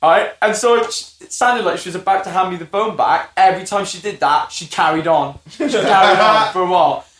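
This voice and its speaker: A man's voice: sits high, a little fast, hardly any pauses, a bit bright, reverberant. A man, co-hosting a podcast, telling a swearing, laughing anecdote in casual chat. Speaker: podcast co-host.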